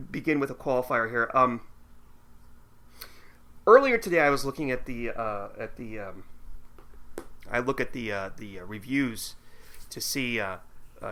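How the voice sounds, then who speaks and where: A man's voice: mid-range voice, moderate pace, pauses often, a bit bright. A man co-hosting a casual podcast chat, reading listener mail aloud with his own asides. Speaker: podcast co-host.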